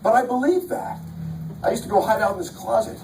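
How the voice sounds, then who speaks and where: High-voiced man speaking in an echoey hall. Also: animated, fairly quick, creaky, noisy background. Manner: storytelling, emphatic, repeats key lines. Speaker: motivational speaker. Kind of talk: motivational speech to a live audience. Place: large event hall. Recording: echoey hall, mic from a distance.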